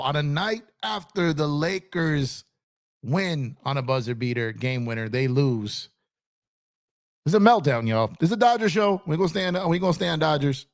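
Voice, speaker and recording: An excitable man hosting a sports live stream, talking casually and breaking into loud reactions. His voice sits in an ordinary middle register. The sound is close and dry. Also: mid-range voice, no echo. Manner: chatty, shouts out viewers by name. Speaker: sports channel host.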